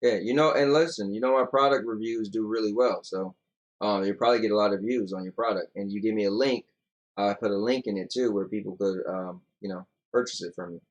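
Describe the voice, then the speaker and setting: A young man with a fairly low voice chats loosely on a home podcast. He rambles, reads viewer comments aloud and sounds tired, yawning now and then. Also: fairly quick, highs cut off. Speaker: podcast co-host. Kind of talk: casual chat reading comments.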